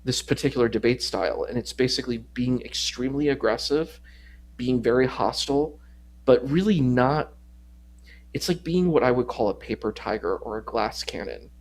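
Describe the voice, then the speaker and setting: A man guesting on a livestream, critiquing a debate in a measured, rambling, casual way. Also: medium pitch. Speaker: stream co-host guest. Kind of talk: casual discussion.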